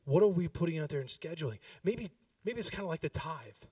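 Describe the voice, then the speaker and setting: A man's voice: a little high, animated, fairly quick, darkish tone, dry recording, studio quality, recorded from a distance. A pastor in his thirties giving a sermon, talking with the congregation and building to emphatic exhortation.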